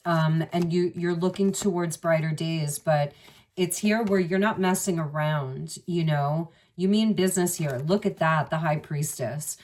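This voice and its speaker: A woman's voice: deep voice, unhurried, darkish tone, recorded from a distance. A woman giving a musing, intimate tarot reading, speaking straight to the listener. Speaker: tarot reader. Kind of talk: spoken tarot reading to the viewer.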